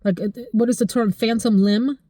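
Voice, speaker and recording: Expressive woman in her forties, dry close sound. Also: normal speed, dry recording. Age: 40s. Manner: expressive and emotional, voice jumping high in excited retellings. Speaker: vlogger. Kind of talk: casual life chat to camera.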